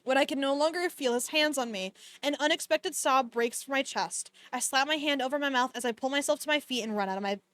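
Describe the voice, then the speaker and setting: A woman with a fairly high voice reads a novel aloud on her stream, then stops to make sarcastic comments between passages and swears freely. The sound is dry and close, with no room echo. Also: a little fast, few pauses, fairly bright tone. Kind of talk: casual book reading with commentary. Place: home streaming setup.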